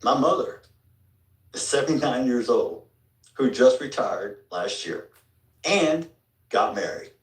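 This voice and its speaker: A man's voice: lively intonation, slow pace, long pauses. A father speaking angrily to school officials, bitter and accusing, heard from a distance in a large meeting hall. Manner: bitter, accusing, low and heavy delivery. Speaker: father addressing a school board. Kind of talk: angry public speech. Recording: echoey room picked up from a distance.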